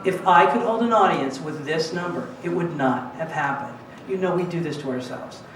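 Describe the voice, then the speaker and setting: A man's voice: on the high side, moderate pace. A man telling a story on stage to a live audience, acting out other people's lines. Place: small cabaret club with an audience. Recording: echoey, distant room mic with audience noise. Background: audience laughter.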